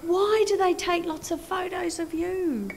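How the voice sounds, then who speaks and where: A middle-aged woman giving a children's talk in a church service, animated and full of questions to the children. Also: very high-pitched, a little slow, creaky.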